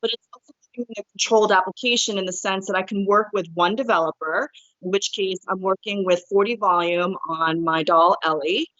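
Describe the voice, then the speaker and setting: An American woman explains her hair-painting technique step by step, steady and methodical, with a slight Northeastern tinge to her accent. She sounds like a colorist teaching during a livestream, and her audio comes through dull and lo-fi. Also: mid-range voice, fairly quick. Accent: American, sometimes Northeastern. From born in Korea, raised in New Jersey. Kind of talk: live hair-painting demonstration.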